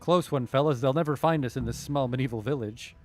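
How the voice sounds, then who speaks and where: A man's voice: medium pitch, brisk, darkish tone, faint music behind. A young man giving casual, joking, profane commentary while streaming a game, sometimes reading tutorial text aloud.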